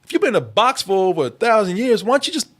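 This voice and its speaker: Racing along in a high-pitched, sing-song, slightly bright voice, a male movie review show host keeps the chat casual and loose. He laughs a lot, uses many fillers and often restarts his sentences.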